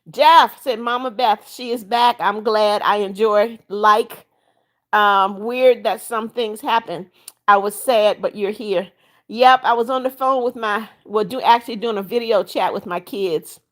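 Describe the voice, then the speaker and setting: Woman, live-stream host, slightly high voice, casual chat, reads comments aloud, greets viewers, upbeat. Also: fairly bright tone. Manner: upbeat, coaxing viewers to like and subscribe. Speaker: livestream host.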